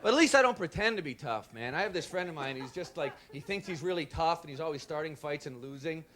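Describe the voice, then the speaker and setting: A young man doing a rambling, self-deprecating stand-up set, bursting into loud shouted impressions. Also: on the high side, animated, fast talker. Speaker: stand-up comedian. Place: comedy stage before a live audience. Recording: live club with audience laughter and noise.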